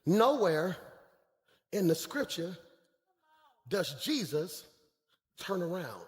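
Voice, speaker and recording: A man preaching a sermon as pastor, swinging between shouted calls and quiet, hushed storytelling. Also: sits high, big pitch swings, slow pace, in a large hall. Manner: preaching in Black church style, shouting and dropping to a hush.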